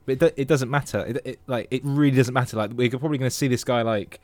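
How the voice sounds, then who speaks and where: An improv actor playing a flustered young husband applying for a mortgage, stammering and placating. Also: male voice, medium pitch, steady tone, quick pace, darkish tone, dry recording, natural voice. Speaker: improv performer. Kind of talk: improv comedy scene.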